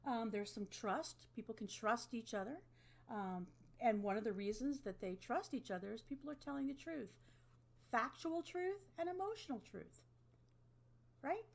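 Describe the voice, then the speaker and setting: A woman with a slightly high, expressive voice and some vocal fry teaches an online class to a webcam at a moderate pace. She keeps it conversational, often checking in with "okay?"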